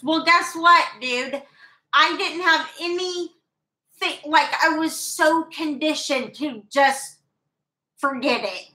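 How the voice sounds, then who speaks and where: Young woman vlogging, slow rambly storytelling, swears a lot, echoey room. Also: high-pitched, pushed and bright. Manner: candid, profane, rambling. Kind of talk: casual storytelling. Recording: roomy echo.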